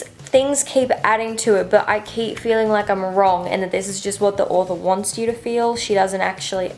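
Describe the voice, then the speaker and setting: A woman's voice: mid-range voice, a little mellow. A woman vlogging a casual reading update soon after waking, chatty and rambling with lots of fillers. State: just woken up. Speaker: book vlogger.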